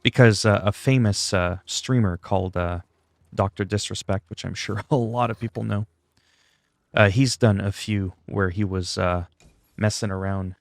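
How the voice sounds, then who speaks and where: A man's voice: fairly low pitch, steady tone, normal speed, vocal fry, dry recording. A young man streaming a game and chatting casually, rambling with lots of fillers and self-deprecating jokes. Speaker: gaming streamer. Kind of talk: casual livestream chat while gaming.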